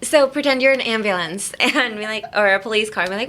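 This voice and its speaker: A woman's voice: on the high side, animated, moderate pace, bright, forceful tone. A woman hosting a podcast English lesson, talking casually and rambling with lots of fillers and self-corrections. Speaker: podcast host teaching English through anime.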